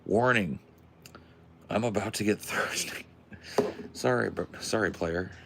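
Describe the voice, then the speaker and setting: Low gravelly man, crude and jokey. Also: measured pace, background noise. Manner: crude, joking, animated. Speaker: podcast host. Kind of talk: casual podcast chat.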